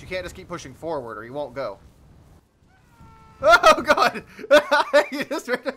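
A young man giving jokey, excitable commentary over a game he's playing, often yelping in surprise. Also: fairly high pitch. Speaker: let's play host. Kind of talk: gameplay commentary.

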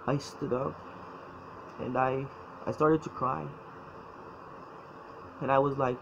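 A man telling his personal faith story, halting and emotional, often repeating words as he speaks. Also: mid-range voice, level tone, gravelly. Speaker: former church member telling his story. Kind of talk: personal testimony. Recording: dull lo-fi sound, faint noise.

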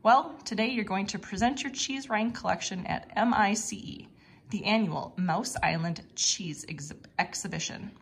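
A woman's voice: medium pitch, normal speed, gravelly, slightly rough. A woman voicing a playful male mouse detective who loves pranks, in a storybook read-aloud. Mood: teasing. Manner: teasing, coaxing.

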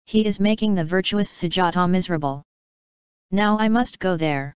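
A woman's voice: on the low side, moderate pace, clear, resonant tone, dry recording, muffled recording, lightly acted. A stern god-king, as a woman reader puts him on. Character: mighty king of the gods, male.

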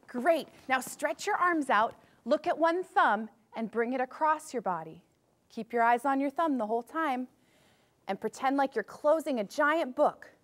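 A woman music teacher leading a children's music lesson, upbeat as she guides the class through movement warm-ups. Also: sits high, expressive, a little slow.

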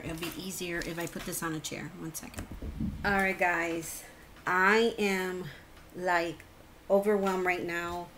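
Woman crafting vlogger, low voice, slow gentle unboxing talk, faint fan hum behind. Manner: slow, gentle, religious and thankful. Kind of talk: casual unboxing chat. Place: hot home room with a fan behind.

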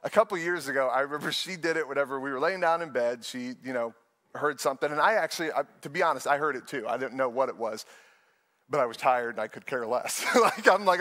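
A young adult man preaching a sermon to an online audience, telling stories with lively acted-out voices. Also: mid-range voice, a little fast. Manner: animated storytelling, acts out voices in anecdotes. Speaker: pastor.

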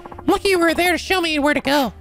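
A naive, sweet young college girl, as a man voices her in a very high falsetto for a video game. The delivery runs quick and eager. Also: creaky, a bit bright, a little hiss or hum, full character voice. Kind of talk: voicing game dialogue.

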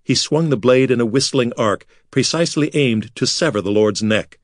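A man narrating a fantasy audiobook in a measured, dramatic way. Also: medium pitch, no room sound, clean studio sound. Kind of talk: scripted narration.

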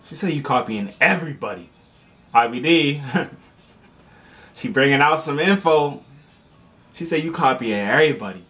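A young American man reacting to music in casual, slangy commentary, laughing often and getting excited as the host. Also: mid-range voice, moderate pace, long pauses. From United States.

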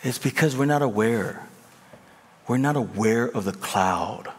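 A man's voice: medium pitch, a little slow, breathy edge. A male pastor preaching a sermon, impassioned and conversational, with a long hall reverb on the voice. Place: large church hall.

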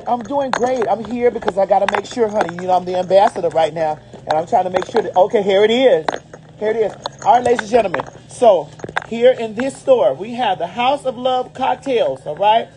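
A woman's voice: medium pitch, a little fast, background noise. Sassy Southern woman hyping a product. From Southern United States. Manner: flamboyant, sassy, calls viewers honey and baby. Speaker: brand ambassador and host. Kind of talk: promotional vlog. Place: out and about on city streets and in a liquor store.

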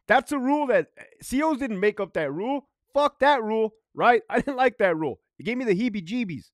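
A man's voice: high-pitched, expressive, brisk, no room sound, clean studio sound. A man, a former prison guard, telling stories in a casual, profane, emphatic way, often checking in with "right?". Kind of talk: casual storytelling monologue.

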